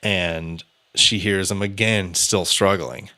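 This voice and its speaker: A podcast host with a low, steady, bright and forceful voice speaks slowly, casually retelling a true-crime case. His delivery is loose and chatty, with filler words and the occasional curse.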